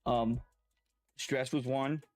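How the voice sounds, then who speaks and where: A man telling a personal story in a halting, rambling way, pausing as the emotions come back. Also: medium pitch, fairly even intonation, darkish tone, faint music behind. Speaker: vlogger.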